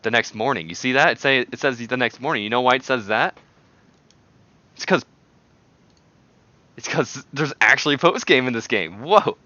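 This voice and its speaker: A man's voice: medium pitch, animated, normal speed, pauses often, pushed and bright, no room sound, highs cut off. A man hosting a casual game playthrough, rambling and joking as he reads along. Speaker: let's play host. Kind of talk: casual gameplay commentary.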